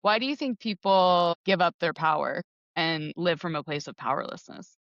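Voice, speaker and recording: A woman's voice: on the low side, moderate pace, fairly bright tone, no echo, highs cut off. A woman hosting a podcast, upbeat and affirming in a casual conversational chat. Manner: upbeat, lots of affirming mm-hmms. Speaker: podcast host.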